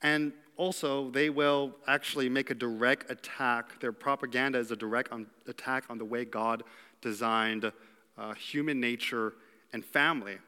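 A man's voice: mid-range voice, steady tone, moderate pace, sharp tone, smooth. A man preaching a sermon as pastor, in an earnest, plain-spoken way with some fillers. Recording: long hall reverb.

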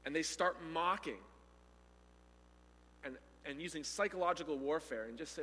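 A man preaching a sermon, retelling a story with animated delivery and acting out the quoted speakers. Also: a little high, moderate pace, big-room sound.

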